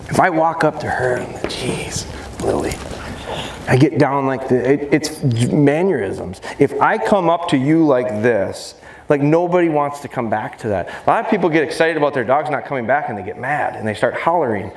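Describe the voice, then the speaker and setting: A man in a mid-pitched voice runs a live dog-training seminar with lively, swooping intonation and a joking, demonstrative delivery. He is heard through an echoey expo hall with faint background noise. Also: brisk. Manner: animated, demonstrative, jokey.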